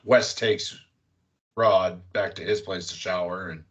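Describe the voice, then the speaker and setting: A man's voice: sits low, steady tone, measured pace, a bit bright, lo-fi sound. A man hosting a podcast, casually recapping a film with loose, rambling talk and the odd curse. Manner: rambling recap with fillers and profanity. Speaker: podcast host. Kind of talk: casual movie recap chat.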